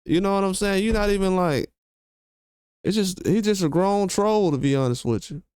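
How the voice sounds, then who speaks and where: This man hosts a commentary video, delivering a casual rant that is heated, full of slang, emphatic and repetitive. His high voice moves at normal speed with a darkish, clear, resonant tone, captured dry at studio quality.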